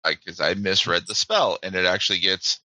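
A man's voice: low voice, fairly even intonation, a little fast, sharp tone, no room sound, poor audio. A man playing a tabletop game, thinking aloud as he adds up his damage. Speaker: player.

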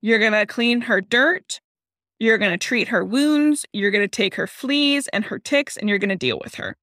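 A stern she-cat clan leader lays down rules and punishments, as a woman puts her on while retelling a cat storybook. The voice sits a little high and is recorded dry. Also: lively intonation, moderate pace, fairly bright tone, dry recording. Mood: commanding. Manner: commanding, matter-of-fact.

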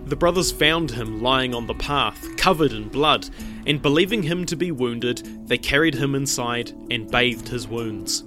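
A man telling a dramatic retelling of a legend in measured, deliberate narration. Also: mid-range voice, lively intonation, over music. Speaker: storyteller.

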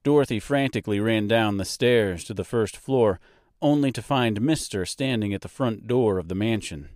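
A man narrating an audiobook novel in a measured, expressive manner on a close mic. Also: on the low side, no room sound.

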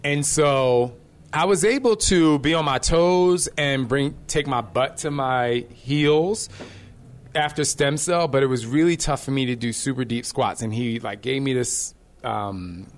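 Talking a little slowly in a medium-pitched voice, a middle-aged fitness instructor keeps the conversation casual and energetic. He's an animated storyteller who performs the quotes he relays.

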